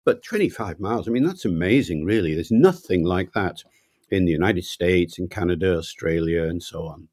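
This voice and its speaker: An older man from Wales speaks as an interview guest in a reflective, anecdotal way. His voice sits low, and the recording is dry with no room sound. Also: lively intonation, moderate pace, darkish tone, dry recording. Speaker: guest linguist. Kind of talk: relaxed interview storytelling.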